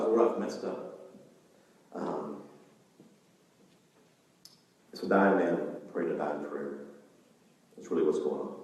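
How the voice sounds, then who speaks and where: A man preaching a sermon as pastor, animated and acting out the voices of the story. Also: lowish voice, very echoey, big-room sound, recorded from a distance, rough recording. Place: church sanctuary.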